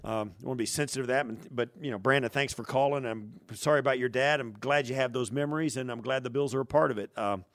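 A man's voice: medium pitch, quick pace, few pauses, no room sound. Sports radio guy, mid voice, thoughtful chatty tone, dry studio. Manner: reflective, conversational. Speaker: radio co-host.

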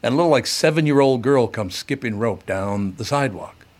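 This man hosts a radio program, speaking briskly at a medium pitch. Animated and storytelling-focused, he keeps the banter casual and swears freely throughout.

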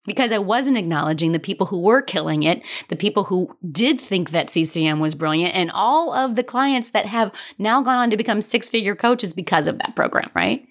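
A woman's voice: medium pitch, animated, brisk, hardly any pauses. A woman hosting a solo coaching podcast, talking earnestly with a strained, worn voice. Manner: earnest, emotional, talks through tears at times. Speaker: podcast host and business coach.

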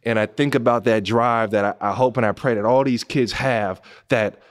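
A man in his thirties from Pasadena, hosting a podcast and telling a story animatedly, swinging between hushed asides and excited outbursts. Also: medium pitch, normal speed. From Pasadena, California. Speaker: podcast host.

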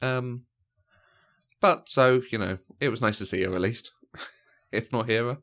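Speaking at a medium pitch with some vocal fry, this man co-hosts a podcast and sounds fairly bright as he talks about a film a little slowly. The review is casual and halting, peppered with fillers and frequent laughter.

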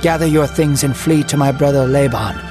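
A man's voice: medium pitch, normal speed, music in the background, natural voice. A man voicing a protective mother who urgently tells her son to flee.

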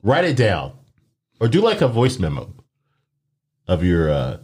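A man's voice: deep voice, huge pitch swings, unhurried, darkish tone, husky. A man in a casual podcast chat who keeps teasing his friend and laughs often. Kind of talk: casual banter.

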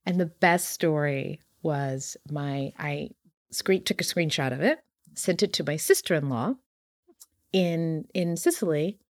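A woman's voice: low voice, expressive, unhurried, no room sound, studio quality. A woman author talking animatedly in an interview, full of "you know" and "like", acting out quotes as she tells stories. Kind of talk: casual interview chat.

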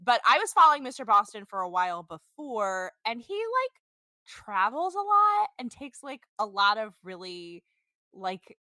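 Young woman, podcast host, bright lively voice, chatty filler-heavy recap, dry close mic. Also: on the high side, moderate pace, no room sound. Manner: animated and chatty, full of "like" fillers.

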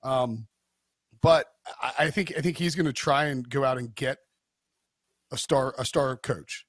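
A man's voice: medium pitch, unhurried, no echo, clean studio sound. A man co-hosting a sports betting podcast, giving blunt opinions in a rambling casual way with many restarts. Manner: rambling, frequent restarts and fillers.

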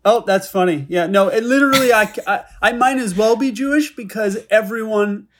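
A man, a visiting artist, chatting casually and telling lively anecdotes about his work. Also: sits high, normal speed, a little hiss or hum. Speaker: artist guest. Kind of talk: casual chat.

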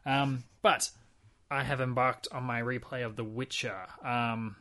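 A man's voice: medium pitch, steady tone, measured pace, bright, forceful tone. Wry rambling man podcast host. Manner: rambling, wry, many fillers and restarts. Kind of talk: casual chat.

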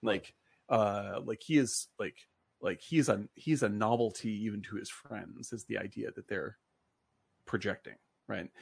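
Brief: husky-voiced male host, dry close sound, loose rambling film talk full of "like" and cursing. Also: on the low side, no echo. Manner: rambling, full of "like" fillers, swears freely. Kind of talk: casual film discussion.

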